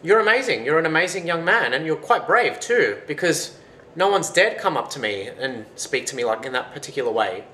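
A blind hairy giant bellows in a lifted, loud voice, played by a man reading a folktale. The sound is roomy and carries a faint background hiss. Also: sing-song, brisk. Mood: amazed. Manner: loud exclamations, raised pitch. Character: blind hairy giant hermit, gruff and surprised.

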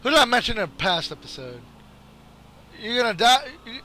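Excitable young man yelling over gameplay. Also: very high-pitched, a little fast, slight background noise. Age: young adult. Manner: excitable, trash-talking, swings to yelling. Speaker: gameplay commentator. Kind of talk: gameplay commentary.

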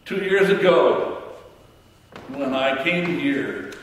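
A man minister giving a sermon in a church, speaking in a slow, reflective way with pauses. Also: fairly high pitch, a little hiss or hum. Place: church sanctuary. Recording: echoey church hall from far off.

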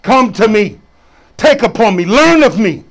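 A man's voice: high-pitched, lively intonation, measured pace. A man preaching a sermon as a bishop, colloquial and preacherly, calling out to his congregation for responses.

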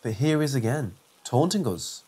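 Man, horror story narrator, first-person narration, measured reading, middle pitch. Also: big pitch swings, warm tone, breathy edge.

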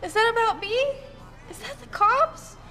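An actress playing a spaced-out young babysitter who rambles and drifts into sing-song, in a film comedy. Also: female voice, very high-pitched, normal speed, bright, forceful tone, recorded from a distance, faint music behind.

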